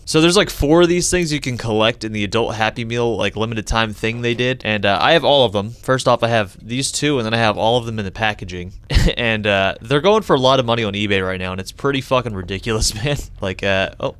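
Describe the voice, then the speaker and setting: A young man doing let's-play commentary on a horror game, joking and swearing, with sudden high yelps when startled. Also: a bit bright, clean tone. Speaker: gaming YouTuber.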